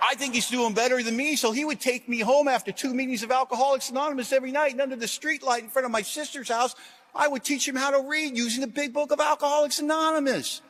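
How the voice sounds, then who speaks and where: Middle-aged man, fairly high voice, recovery talk to a crowd, wry self-mocking humor, punchy one-liners. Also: fairly even intonation, quick pace. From Washington, USA. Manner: emphatic, swings from loud jokes to quiet earnestness. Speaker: AA convention speaker. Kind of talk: recovery talk to a large audience.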